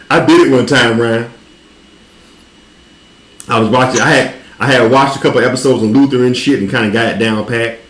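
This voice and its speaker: A man in casual chat, telling a story in a relaxed, profane way with frequent laughs. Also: medium pitch, normal speed, pauses often, roomy sound, rough recording. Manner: laid-back, profane, laughs while telling stories.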